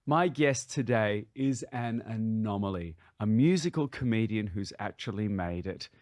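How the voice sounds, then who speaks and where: A man's voice: fairly low pitch, expressive, unhurried, a little mellow, faint music behind. A man hosting a comedy podcast, introducing his guest with dry, teasing banter. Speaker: podcast host. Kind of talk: casual podcast chat.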